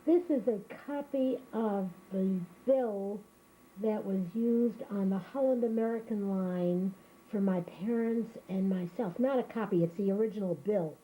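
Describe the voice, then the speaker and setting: A woman's voice: medium pitch, warm tone, a little hiss or hum, poor audio. Older woman telling a life story. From Germany. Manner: reflective, unhurried storytelling. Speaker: interviewee. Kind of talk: oral history interview.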